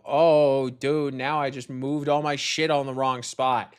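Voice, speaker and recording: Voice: medium pitch, measured pace, few pauses, smooth. A young adult hobby game developer commenting casually while coding, exasperated, talking to themself and swearing often. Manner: rants loudly at an online commenter.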